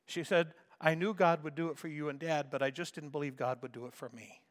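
A man preaching a sermon as a pastor, swinging from soft asides to loud emphatic calls. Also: fairly high pitch, fairly even intonation, fairly quick, in a large hall.

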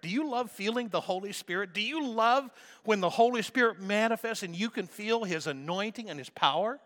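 A man preaching a sermon as a pastor, swinging from soft asides to loud emphatic calls. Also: high-pitched, a little fast, hardly any pauses, long reverb tail.

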